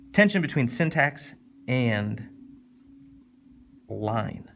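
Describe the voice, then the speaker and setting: A man teaching a casual, animated literature lesson, jumping up in pitch to stress points and slowing down to read poem lines. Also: vocal fry, slight background noise. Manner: animated, conversational, with sudden lifts in pitch for emphasis; reads poem lines slowly and deliberately.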